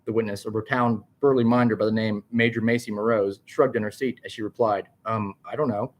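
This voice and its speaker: A man's voice: fairly low pitch, steady tone, a little fast. A man reading a story aloud, stumbling and restarting words now and then. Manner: plain narration with frequent stumbles and restarts. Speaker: narrator.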